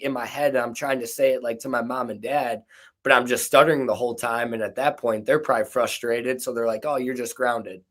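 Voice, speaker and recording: A young man with a mid-pitched voice chats loosely as a podcast guest. His speech is full of "like" and "you know" and catches now and then on a mild stutter. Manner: stutters at times; rambling, filler-heavy. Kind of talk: casual conversation.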